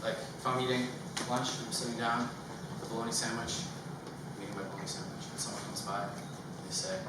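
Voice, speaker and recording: A nervous male comedian works through his stand-up set in a halting way, stumbling over ums and uhs. He sounds far from the mic in a very echoey room. Loud noise sits under his voice. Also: medium pitch, steady tone. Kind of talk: stand-up routine. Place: comedy stage before a live audience.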